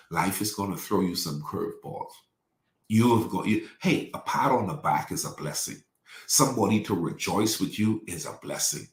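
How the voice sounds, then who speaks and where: A man's voice: on the low side, roomy sound. A man giving a live teaching in a folksy, conversational preaching style, calling out to his listeners. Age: 40s. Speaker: pastor.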